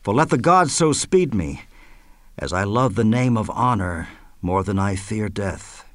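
A man's voice: fairly low pitch, expressive, a little slow, fairly bright tone, dry recording. An actor playing Brutus, an honourable, troubled Roman nobleman, speaking Shakespearean verse in an earnest, declamatory way. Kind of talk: Shakespearean verse drama reading.

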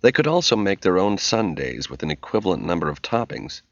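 A man reading a novel aloud as narrator, in measured, expressive storytelling. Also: low voice, no room sound. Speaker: audiobook narrator. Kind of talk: scripted narration. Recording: dull, muffled audio.

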